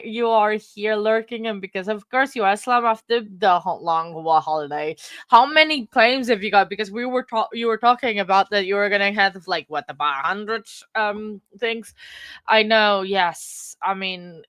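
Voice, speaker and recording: A woman's voice: mid-range voice, animated, a little slow, a bit bright, smooth, no room sound. Woman not speaking her chatting on a home livestream, emotional, dry sound. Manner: chatty, emotional, greets viewers by name, many fillers. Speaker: livestream host. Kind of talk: casual livestream chat. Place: home room. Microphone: computer mic.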